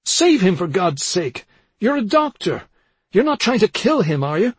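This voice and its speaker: A man voicing a panicked young man, shouting in a frantic, pleading way. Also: mid-range voice, big pitch swings, normal speed, breathy edge, no echo. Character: panicked young man fearing for his twin.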